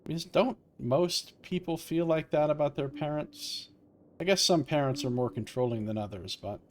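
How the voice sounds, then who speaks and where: A man commentating on a video game as he plays it live, chatting and musing aloud to his viewers. His voice sits slightly high for a man, and he speaks into a computer mic. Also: moderate pace. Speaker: let's play commentator. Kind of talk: live-streamed gameplay commentary.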